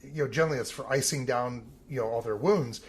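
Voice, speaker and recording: A man, an Olympic team photographer, telling lively stories in a podcast interview and acting out the voices of the people he quotes. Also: mid-range voice, quick pace, husky. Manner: animated storyteller, acts out quoted voices.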